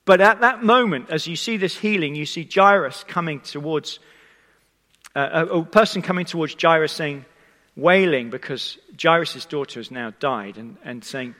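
A man preaches with a bright, forceful voice, telling the story in a conversational way and turning often to speak to his listeners. His words ring out with a long echo from a church hall. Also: on the high side, moderate pace. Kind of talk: sermon.

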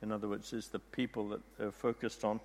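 A man's voice: fairly low pitch, level tone, fairly quick, darkish tone, big-room sound. A man telling a long story to listeners, often restarting and repeating words as he goes. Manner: rambling storyteller with frequent restarts. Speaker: speaker retelling a story from a book. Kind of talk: storytelling talk.

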